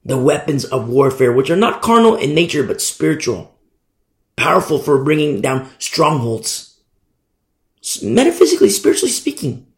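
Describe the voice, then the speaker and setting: Fervent guy preaching, gravelly voice, kinda high, echoey room. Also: very animated, moderate pace. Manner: fervent, swings between loud emphasis and hushed asides. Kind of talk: sermon.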